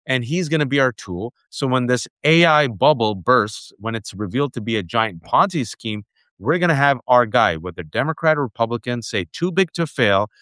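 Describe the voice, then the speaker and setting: A man's voice: medium pitch, expressive, normal speed, a bit bright, no room sound. A man on a talk show, ranting with heated sarcasm and slipping into mocking put-on voices. His voice sits in the middle range, recorded close and dry with no room sound. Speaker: political commentator guest. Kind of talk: heated political rant.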